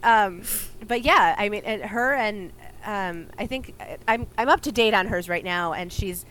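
A woman's voice: mid-range voice, moderate pace, sharp tone, rough recording. A woman co-hosting a podcast, chatting casually and rambling with lots of fillers. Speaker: podcast co-host. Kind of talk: casual chat.

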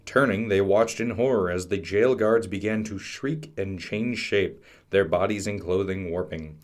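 A man hosting a podcast, reading a fantasy storybook aloud in a measured, dramatic way. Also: on the low side. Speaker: podcast host and storybook narrator. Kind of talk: scripted storybook narration.

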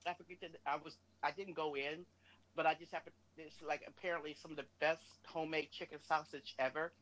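A woman's voice: deep voice, fairly even intonation, a little fast, muffled recording. A woman calling in to a talk show, telling stories emphatically with salty language. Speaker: caller. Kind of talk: casual call-in chat.

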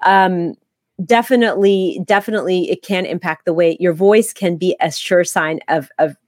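Low-voiced woman co-hosting a podcast. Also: moderate pace, darkish tone, dry recording, clean studio sound. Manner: chatty advice-giving, frequent ums and restarts. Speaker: podcast co-host. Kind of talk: casual podcast chat.

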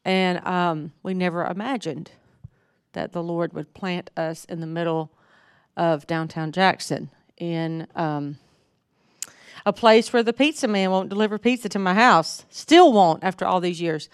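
A woman from North Mississippi with a Southern accent, giving a casual sermon as a guest speaker, speaking slowly and deliberately with frequent ums. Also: lowish voice, smooth. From North Mississippi, USA.

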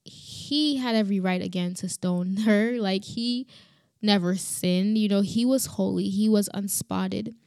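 A woman sharing a personal Bible reflection, earnest and halting, often restarting and growing emotional. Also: mid-range voice, a little mellow, smooth, no echo, studio quality. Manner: earnest, halting, many restarts and "you know".

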